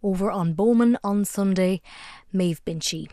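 A radio presenter delivers her scripted links playfully, with some lines hushed almost to a whisper. Her voice sits a little low and sounds close and dry. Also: normal speed, no echo.

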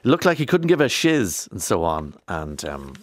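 A man's voice: sits low, very animated, normal speed, slight background noise. An Irish man presenting a radio show in a studio, chatting casually with rambling, playful asides. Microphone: studio microphone.

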